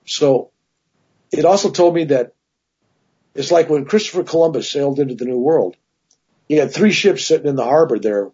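A man's voice: fairly high pitch, normal speed, pauses often, slightly rough, highs cut off. A man telling long personal stories as a guest in a casual interview, with many asides. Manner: rambling, animated anecdotes with many "right?" asides.

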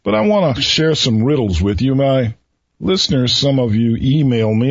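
A man hosting a radio talk show who tells riddles to his listeners slowly, repeating each one and pausing before the answer, with a folksy manner. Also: lowish voice, a little mellow, no echo. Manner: folksy, chuckles at his own jokes. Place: radio studio. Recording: dull lo-fi radio recording.

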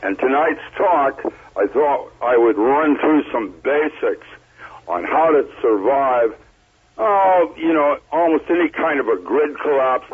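A man with a very husky, raspy voice talks bluntly as a call-in guest. His voice comes through a thin, tinny phone line from a remote location. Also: medium pitch, lively intonation, measured pace. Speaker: interview guest. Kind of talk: phoned-in interview talk. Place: calling in remotely. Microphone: phone or computer line.

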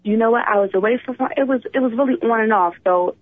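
A woman in her thirties, from Philadelphia, tells her story as an interview guest in an animated, open way. She comes through a tinny, dry phone line with no room sound. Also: on the high side, quick pace, no echo. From Philadelphia, USA. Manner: animated storytelling, often starts with "you know what". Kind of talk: casual interview.

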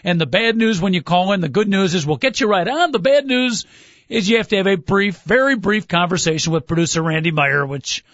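A man's voice: high voice, expressive, fairly quick, fairly bright tone, no echo. A man hosting a casual sports radio show, wry and teasing, often chuckling. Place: radio studio. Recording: muffled lo-fi radio broadcast.

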